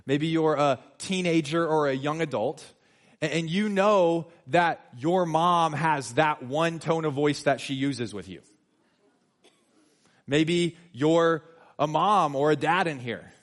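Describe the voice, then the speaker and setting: Male pastor, slightly high voice, conversational sermon with emphatic swells. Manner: conversational, animated preaching with sudden emphatic swells. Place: church.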